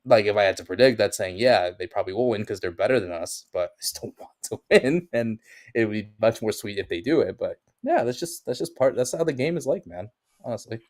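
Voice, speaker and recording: Rambling young man with a lowish voice. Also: lively intonation, fairly quick, a little mellow. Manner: rambling, heavy use of "like" and restarts. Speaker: podcast guest. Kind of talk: casual chat.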